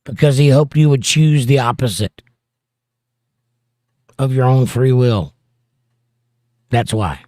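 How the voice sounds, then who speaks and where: A man at a middle pitch hosts a relaxed livestream, reading viewers' comments out loud and riffing on each one. His voice sits close and dry, with no room sound around it. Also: takes it slowly, long pauses, no echo. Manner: reads viewer comments aloud and riffs on them. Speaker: livestream host reading chat. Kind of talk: casual livestream chat.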